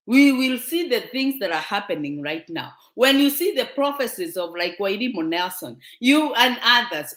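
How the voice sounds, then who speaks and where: A Kenyan woman with a Kenyan accent hosts her show, lecturing viewers in an impassioned, scolding monologue packed with rhetorical questions. Her voice is medium-pitched and a bit bright, and the room is echoey.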